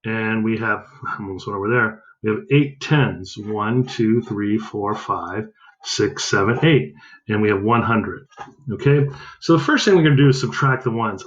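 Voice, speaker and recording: A man's voice: fairly low pitch, moderate pace, lo-fi sound. A male math teacher giving a recorded lesson, upbeat, counting aloud and correcting himself as he goes.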